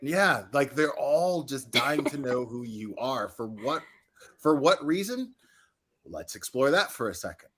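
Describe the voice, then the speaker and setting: A man's voice: mid-range voice, very animated, unhurried, fairly bright tone. A man hosting a casual livestream, commenting mockingly, laughing often and swearing freely. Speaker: host.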